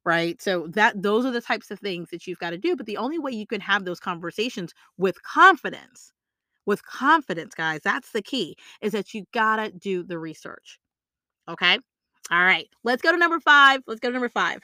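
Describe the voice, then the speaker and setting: A woman's voice: mid-range voice, expressive, normal speed, bright, forceful tone, dry recording, clean studio sound. A woman coaching on salary negotiation in a motivational, emphatic way. She repeats her key points and keeps checking in with the listener. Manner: emphatic, repeats key phrases, frequent tag questions. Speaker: career coach.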